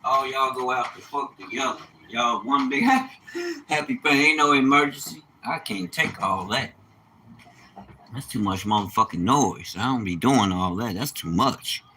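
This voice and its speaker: A man preaching and ranting informally, animated and profane, with sudden bursts of shouting. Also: medium pitch, moderate pace, roomy sound. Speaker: religious teacher. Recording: noisy ambient background.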